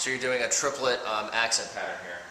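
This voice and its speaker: A man's voice: medium pitch, quick pace, very noisy. A man teaching a drum cadence in a casual, step-by-step way, saying the rhythms aloud as he goes. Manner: explains patterns step by step, speaking rhythms aloud. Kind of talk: casual instructional talk. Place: practice room with drums. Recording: very echoey room with loud drumming.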